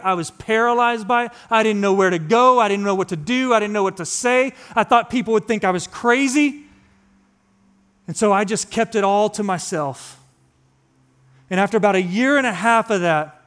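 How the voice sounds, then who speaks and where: A man in his thirties preaching a sermon as pastor, moving between hushed, intimate passages and loud, urgent ones in a repetitive preaching cadence. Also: high-pitched, clean tone.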